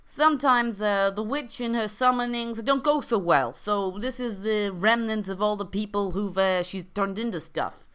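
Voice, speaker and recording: A tearful male trout pleads in a thick Boston accent, his voice pitched up and smooth. He is insecure and longs for eyebrows, and a woman acts him out for a live-streamed story. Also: moderate pace, hardly any pauses, a bit bright, lightly acted. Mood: earnest.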